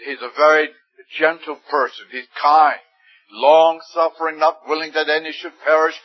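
A man preaching a sermon with fervent emphasis, his voice rising suddenly on key words. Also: fairly high pitch. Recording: dull lo-fi recording.

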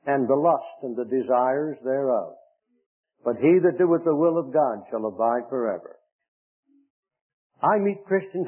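An older man from Pennsylvania preaching a sermon in slow, emphatic phrases that stretch out key words. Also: medium pitch, lively intonation, breathy edge. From Lancaster, Pennsylvania. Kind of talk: sermon on a radio broadcast. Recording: tinny phone-like radio recording.

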